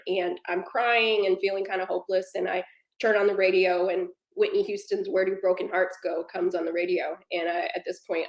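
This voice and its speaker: A woman speaking on a panel, earnest and personal, her voice held to a narrow, steady pitch as she builds toward emphatic lines. The sound is echoey, as in a reverberant room.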